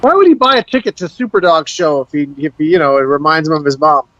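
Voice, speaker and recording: Fast-talking man riffing on a movie. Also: on the high side, very animated, a bit bright, lo-fi sound. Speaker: comedy podcast co-host. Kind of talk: casual riffing movie commentary.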